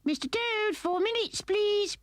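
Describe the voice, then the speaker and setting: A woman's voice: extremely high pitch, measured pace, noisy background. A woman playing a naive, eager young boy rabbit in a 1980s stop-motion cartoon, polite and breathless. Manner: breathless, polite, wide-eyed.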